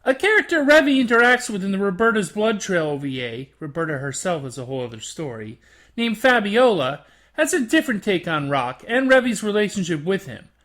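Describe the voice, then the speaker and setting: A host narrating a scripted anime review in an expressive, animated way. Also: mid-range voice, fairly quick.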